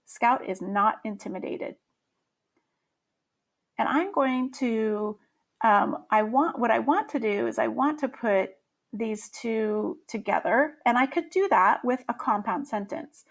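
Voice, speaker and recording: A woman explaining grammar to middle schoolers in a friendly way, with frequent ums. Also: on the high side. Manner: friendly and explanatory, with many fillers. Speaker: teacher. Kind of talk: grammar lesson.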